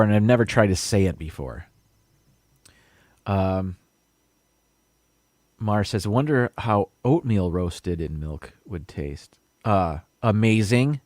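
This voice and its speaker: A man's voice: fairly low pitch, darkish tone, no echo, clean studio sound. A man hosting a casual live stream, rambling a little as he reads viewer comments and stumbles over unfamiliar words.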